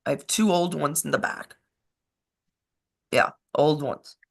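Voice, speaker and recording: A woman co-hosting a live show, telling a rambling, animated story in casual chat, with swearing along the way. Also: low-pitched, slow, vocal fry.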